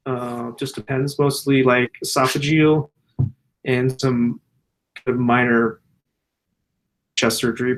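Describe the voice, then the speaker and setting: A man, a general surgeon, answering viewer questions in a loose, profane, casual way. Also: medium pitch. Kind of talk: casual Q&A chat.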